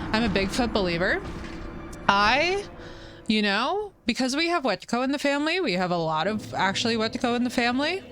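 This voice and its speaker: A woman's voice: medium pitch, fairly bright tone, slight background noise. Chatty playful woman streaming a game. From United States. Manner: playful, chatty, reads chat aloud, teasing jokes. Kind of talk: casual live gameplay chat.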